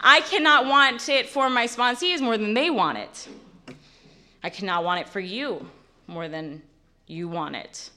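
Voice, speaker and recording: A woman's voice: on the high side, unhurried, sharp tone. A woman in her late twenties giving a candid, rambling personal testimony at a recovery meeting, full of fillers. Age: late 20s.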